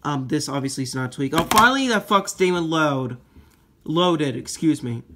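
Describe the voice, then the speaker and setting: A man giving casual commentary while demoing phone hacks, rambling and profane, quick to blow up into shouting. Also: fairly high pitch, expressive, noisy background. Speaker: iPhone jailbreak tinkerer. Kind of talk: casual screen demo commentary.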